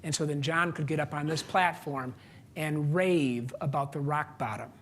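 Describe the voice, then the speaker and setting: On a stage facing a big crowd, a keynote speaker and author with a slightly high voice delivers a motivational speech. He narrates animatedly, acting out each side of a conversation, dropping abruptly to a hush and then leaping back to loud. Along the way he questions the audience and waits on his punchlines.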